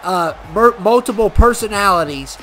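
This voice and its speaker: Excitable man calling a wrestling game. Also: high-pitched, moderate pace, rough recording. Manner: excitable, shouts and cheers at big moments. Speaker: gaming channel host. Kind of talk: excited play-by-play commentary over a wrestling video game. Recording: loud game crowd and noise behind.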